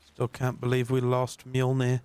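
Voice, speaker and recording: A man's voice: medium pitch, completely flat delivery, a little slow, smooth, dry recording. Joking male gaming streamer. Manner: joking, loud, banters with co-player. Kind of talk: casual gaming stream chat.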